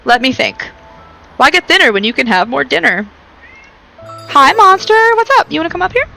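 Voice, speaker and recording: A high, bright-voiced woman chatting casually to her live-stream viewers from a home computer setup. She is bubbly and giggly and pokes fun at herself, with faint game music playing underneath. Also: sing-song, quick pace, creaky, low-quality recording. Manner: bubbly, giggly, self-deprecating.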